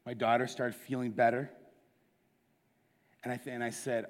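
A middle-aged man preaching a sermon, telling a story with lively acted-out dialogue. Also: mid-range voice, normal speed. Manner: animated storyteller, acts out the dialogue. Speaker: pastor. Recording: long hall reverb.

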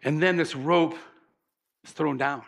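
A man preaching a sermon as pastor, an animated storyteller who acts out the voices in his stories and draws the audience in. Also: a little high, unhurried, creaky.

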